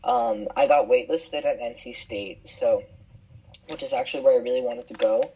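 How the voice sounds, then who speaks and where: A teenage boy co-hosting a casual podcast, speaking slowly and deliberately. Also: mid-range voice, fairly even intonation, background noise. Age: teens. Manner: slow and deliberate. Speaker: podcast co-host. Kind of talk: casual chat.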